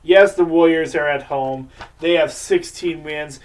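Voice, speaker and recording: Man, sports show host, higher voice, unhurried, rambling game predictions. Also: distant mic. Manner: rambling, folksy game picks. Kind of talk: casual sports preview commentary.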